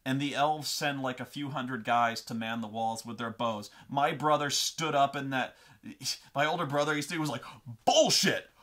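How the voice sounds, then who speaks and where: A man's voice: medium pitch, fairly even intonation, moderate pace, fairly bright tone. A man hosting a show, telling a long, profane, rambling rant full of tangents. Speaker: host. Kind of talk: comedic rant.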